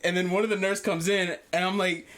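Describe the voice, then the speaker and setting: Dude on a podcast telling a story, kinda higher voice, swears a lot, repeats stuff. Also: male voice, a little fast. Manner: animated, profane, repeats himself. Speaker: podcast host. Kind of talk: casual storytelling chat.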